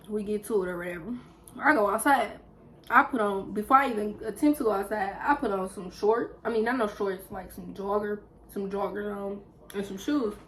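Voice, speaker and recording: A young woman vlogger, telling a story in a casual, animated way while eating on camera. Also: mid-range voice, rough recording. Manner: lively, animated retelling with acted quotes. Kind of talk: casual storytelling during a mukbang.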